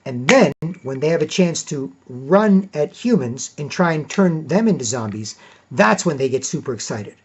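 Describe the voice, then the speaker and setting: A man's voice: a little high, animated, moderate pace, slightly rough. A man talking in a casual monologue as a podcast host, rambling and padding his points with "you know" and "right". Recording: dull lo-fi recording.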